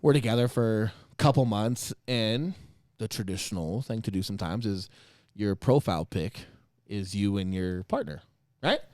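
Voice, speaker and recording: A male podcast host telling a story in casual chat, animated, laughing often and swearing casually. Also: fairly low pitch, moderate pace, dry recording, studio quality.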